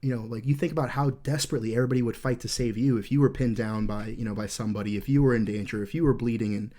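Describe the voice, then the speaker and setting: A man's voice: medium pitch, steady tone, rapid-fire, dark tone. Profane, intense man in his thirties. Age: 30s. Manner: profane, swears nearly every sentence; intense, earnest, rambling with fillers. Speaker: podcast host. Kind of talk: casual podcast storytelling.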